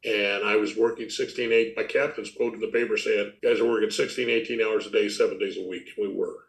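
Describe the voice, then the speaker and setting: A man's voice: fairly low pitch, steady tone, a little fast, creaky, echoey room. An older man, a retired detective, recalling a long investigation in a plainspoken, matter-of-fact way. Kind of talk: interview recollection.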